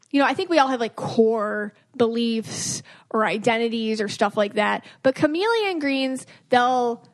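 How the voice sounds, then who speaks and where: Woman, podcast host, chatty, laughs a lot, slightly high voice. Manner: chatty, laughs often, acts out quotes. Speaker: podcast host, aura reader. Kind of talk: casual podcast chat.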